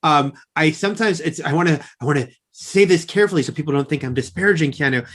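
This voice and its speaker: Chatty Californian man, slightly high voice. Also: fast. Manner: hedging, self-correcting, laughs often. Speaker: podcast co-host. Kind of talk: casual movie chat.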